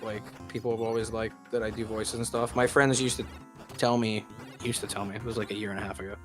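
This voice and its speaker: A man's voice: lowish voice, little pitch movement, quick pace, a bit bright, faint music behind. A man hosting a gaming stream, chatting casually and rambling with many fillers and restarts. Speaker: streamer and host. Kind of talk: casual chat while gaming.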